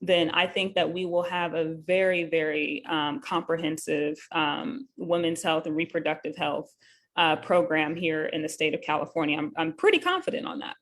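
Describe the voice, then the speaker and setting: A woman's voice: low-pitched, moderate pace. A woman hosting a live talk show as a nurse, explaining a bill in an earnest, conversational way with many fillers and self-corrections. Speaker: host and nurse.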